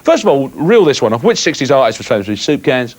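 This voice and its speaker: A man's voice: mid-range voice, big pitch swings, quick pace, slight background noise. A man presenting a live cable TV phone-in, full of jokey banter and mock bluster.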